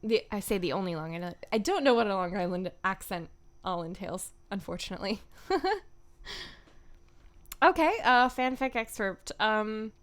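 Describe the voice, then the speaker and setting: A woman's voice: medium pitch, expressive, moderate pace. A young woman, a voice actor, chatting casually on a home stream in a playful, rambling way with giggly asides.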